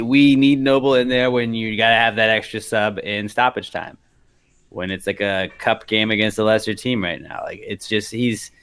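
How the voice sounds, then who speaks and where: A man co-hosting a casual football podcast, rambling and relaxed. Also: lowish voice, smooth. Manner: rambling, relaxed, lots of fillers. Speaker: podcast co-host.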